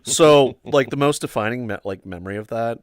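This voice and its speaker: A man's voice: medium pitch, brisk, no echo, studio quality. Rambling young man telling stories. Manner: rambling, full of "like" and "um". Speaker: livestream host. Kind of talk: casual storytelling chat.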